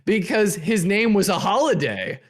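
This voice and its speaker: A man's voice: high voice, very animated, normal speed, fairly bright tone. Teasing, laughing man. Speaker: podcast co-host. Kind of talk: casual comedic chat.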